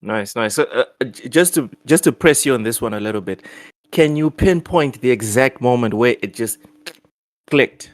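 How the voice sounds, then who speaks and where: A man's voice: medium pitch, animated, normal speed, dry recording. A man hosting a casual gaming podcast, giving a playful, mock-grand introduction. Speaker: podcast host.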